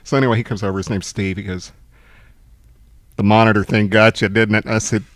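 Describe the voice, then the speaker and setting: Podcast co-host, male, rapid and animated, tells stories with plenty of laughter and swearing. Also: fairly low pitch, no echo. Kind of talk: casual chat, anecdotes.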